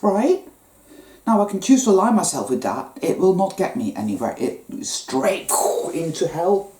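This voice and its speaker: A woman with a low, mellow voice talks through a spiritual monologue in an earnest, conversational way, swearing freely. Her pitch rises and falls a lot, and an echoey room surrounds her. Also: big pitch swings, moderate pace. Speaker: spiritual vlogger.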